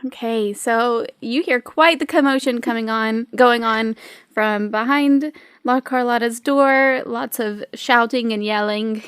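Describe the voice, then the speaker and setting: A woman's voice: a little high, unhurried, fairly bright tone, clear, resonant tone, no room sound, clean studio sound. A woman narrating a tabletop game as game master, casual and giggly.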